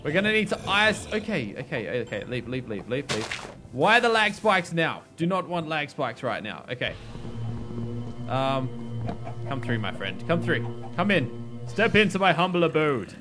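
A man giving casual let's-play commentary as a gaming host, excitable and talking to the characters on screen. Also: on the high side, moderate pace, over music. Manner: excitable, talks to game characters. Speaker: gaming YouTuber.

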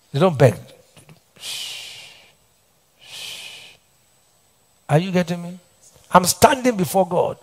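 Nigerian male preacher, slightly high voice, call-and-response style, middle-aged. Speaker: pastor. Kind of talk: sermon. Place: church hall.

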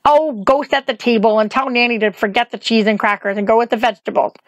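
A woman voicing a sharp-tongued, bossy witch who scolds and snaps orders in an audiobook reading. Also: a little high, fairly even intonation, quick pace, no echo, close to an everyday voice. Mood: scolding. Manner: scolding, impatient.

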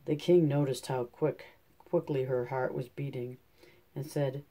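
A man reads a fairy tale aloud in a very dark, mellow voice. His pitch sits in the middle range, and the reading stays steady and measured. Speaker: storyteller.

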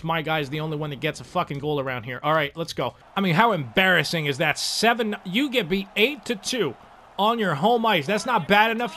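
Excitable young man ranting over a hockey game. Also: high-pitched, a little hiss or hum. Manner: excitable, swings between frustrated outbursts and muttered asides, swears often. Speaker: gaming channel host. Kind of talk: live gameplay commentary.

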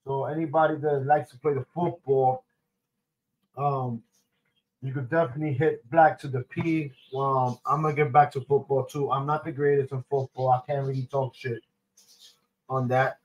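A man's voice: mid-range voice, little pitch movement, normal speed, darkish tone, poor audio. A young man with a New York accent chatting casually to his viewers, loose and slangy with many ums and restarts. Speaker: streamer host. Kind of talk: casual chat.

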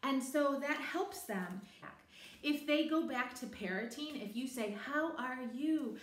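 Vlogging from the teaching room in her home, a woman who teaches English online talks chattily and with animation about her lessons, over-enunciating for her student. Her voice is high-pitched and measured, and the room echoes noticeably.

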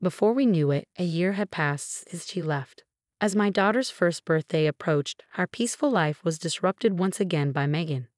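Lower-voiced woman narrating a story. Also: lively intonation, normal speed, no room sound, studio quality. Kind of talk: scripted first-person story narration.

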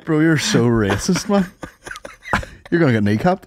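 Lively man, dry close sound. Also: a little high, normal speed, dry recording. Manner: animated, sweary, mocking. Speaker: podcast co-host. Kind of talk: casual chat.

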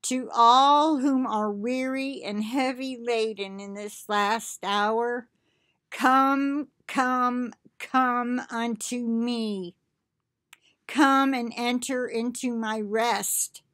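A woman reads a prophetic message to fellow believers at a very slow, solemn pace. Her voice sits a little high, and each phrase is weighed with quiet devotion. The sound is dry and close to the mic. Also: steady tone, dry recording. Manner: slow, deliberate, devout reading with casual asides. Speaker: online Christian channel host.

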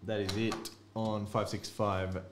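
A man's voice: lowish voice, flat delivery, slow. A man hosting a card break, chatting offhandedly to viewers as he opens packs. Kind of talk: casual card-break commentary. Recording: echoey room with faint noise.

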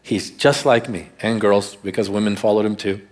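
A man preaching a sermon as pastor at a church service, telling the story and slowing down to stress key words. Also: lowish voice, fairly even intonation.

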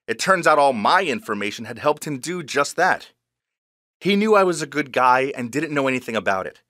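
A man recounts a first-person tale with an animated, lively delivery. His voice sits slightly high, and the pitch swings widely from phrase to phrase. The sound is close and dry, with no room around it. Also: dry recording. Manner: expressive, animated storytelling. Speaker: storyteller. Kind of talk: first-person scripted story narration.

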